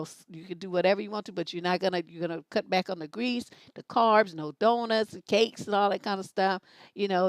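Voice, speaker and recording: A woman's voice: mid-range voice, no room sound. Blunt, emphatic woman advice host. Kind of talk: live advice show, casual talk.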